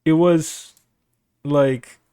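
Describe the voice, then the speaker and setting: A man from Brazil with a Brazilian Portuguese accent, whose first language is Portuguese, chatting casually and haltingly with his stream viewers. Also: on the high side, fairly even intonation, warm tone, clear, resonant tone, no echo, clean studio sound. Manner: rambling and hesitant, full of restarts and "like".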